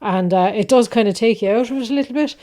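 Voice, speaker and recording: A woman's voice: on the high side, fast talker, mellow. An Irish woman co-hosting a podcast, chatting casually about films and swearing freely. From Ireland. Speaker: podcast co-host. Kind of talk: casual film chat.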